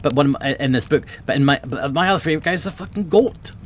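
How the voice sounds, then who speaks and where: A man with a fairly high-pitched voice talks fast, and a little hiss or hum can be heard. He's streaming from a home room lined with bookshelves, rambling casually and enthusiastically about books while swearing often.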